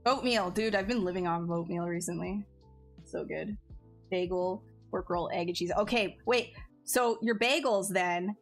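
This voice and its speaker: Faint music plays behind a woman streamer who talks casually with her audience and live chat. She's chatty and bubbly, laughs a lot and often starts sentences over, speaking at normal speed in a lowish voice.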